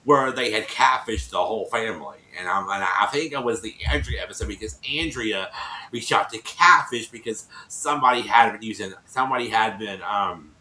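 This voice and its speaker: Bright-voiced man rambling through a recap. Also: on the low side, normal speed, echoey room, a little hiss or hum, rough recording. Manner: rambling storyteller, many restarts, acts out quotes. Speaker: show reviewer. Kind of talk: casual recap of a TV episode.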